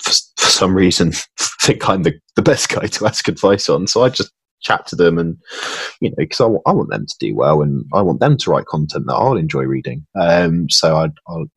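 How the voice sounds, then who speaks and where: Very deep husky man. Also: expressive, moderate pace, dry recording. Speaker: podcast guest, hiring client. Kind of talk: casual podcast chat.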